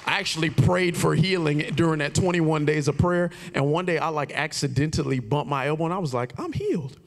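A man in his forties preaching a sermon, telling a personal story with animated, shouted quoted lines. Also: fairly high pitch, fairly quick, gravelly, in a large hall, a little hiss or hum. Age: 40s. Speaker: pastor.

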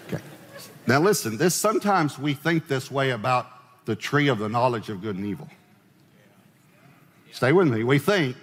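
A man's voice: medium pitch, sing-song, moderate pace, pauses often, breathy edge. Man preaching in a reverberant hall. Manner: conversational preaching with direct questions to the congregation. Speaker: pastor. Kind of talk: sermon.

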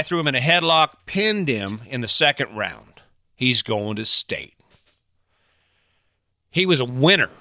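A man's voice: a little high, bright, forceful tone, no room sound, clean studio sound. An older man talking casually to his audience in a teasing, sarcastic way, rambling a little and chuckling as he goes. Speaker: vlogger. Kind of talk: casual monologue to camera.

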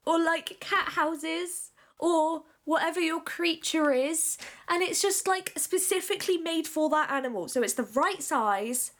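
A woman co-hosting a casual chat podcast, playful and quick with quips, laughing often. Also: sits high, fairly bright tone. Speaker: podcast co-host.

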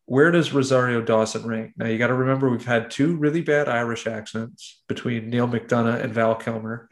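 A man hosting a casual podcast, steering the talk with measured questions. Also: medium pitch. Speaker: podcast host.

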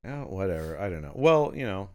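A man on a podcast tossing in dry, joking remarks and the odd curse. His voice sits a little low and relaxed in casual back-and-forth. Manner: wry, swearing, quick quips. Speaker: podcast co-host.

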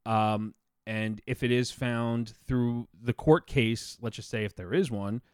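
A man's voice: medium pitch, steady tone, a little slow, clear, resonant tone, dry recording, studio quality. A man co-hosting a podcast, chatting casually and swearing now and then. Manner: conversational, swears casually, talks while eating. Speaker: podcast co-host. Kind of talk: casual chat. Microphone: close podcast mic.

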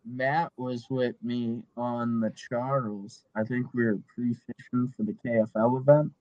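A man with a Boston accent, a co-host telling fishing stories in slow, easy casual chat. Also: mid-range voice, flat delivery, darkish tone, no room sound, dull audio. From Massachusetts. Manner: slow-talking, storytelling with laughs. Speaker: podcast co-host, kayak angler.

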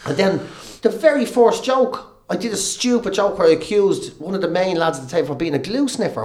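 Here a man's voice runs high and fairly quick, with reverb and a faint hiss or hum underneath. He's an Irish comedian and radio presenter, animated and laughing while he trades profanity-laced anecdotes in casual podcast storytelling.

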